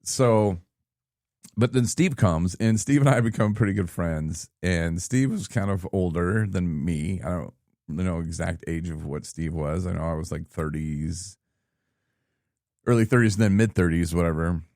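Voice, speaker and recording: A man in his thirties from Michigan, telling his own story in a casual, animated podcast chat and acting out what people said. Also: deep voice, unhurried, dry recording, clean studio sound. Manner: animated, laughing, acts out quoted people. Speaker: podcast guest.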